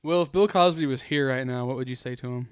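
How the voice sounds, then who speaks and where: A man's voice: mid-range voice, fast talker, smooth, no echo. A man hosting a casual podcast with friends, joking and laughing often. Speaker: podcast host. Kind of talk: casual chat.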